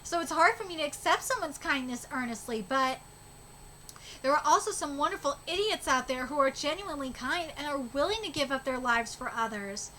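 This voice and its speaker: A woman streamer reading manga chapters aloud and reacting, excitable, gushing and swearing casually. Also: sits high, brisk, a little hiss or hum.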